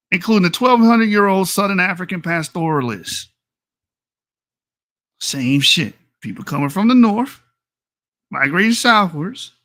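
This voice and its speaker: A man with a high, bright, cutting voice argues fiercely in an online debate. He reads passages from studies and then turns on his opponent with profane insults. His voice is close and dry. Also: dry recording. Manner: reads aloud from papers.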